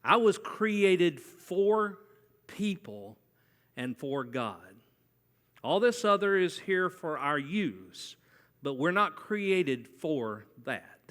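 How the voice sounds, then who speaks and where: A man's voice: a little high, very animated, takes it slowly, a bit bright. A man preaching a sermon in a conversational way, often asking the congregation questions. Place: church sanctuary. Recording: long church hall reverb.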